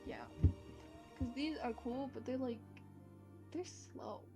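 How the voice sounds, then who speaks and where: A woman's voice: high voice, slow pace, over music. An American woman talking casually and rambling while she streams a game, swearing now and then. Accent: neutral American with some British-sounding words. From United States. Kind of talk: casual gaming stream chat.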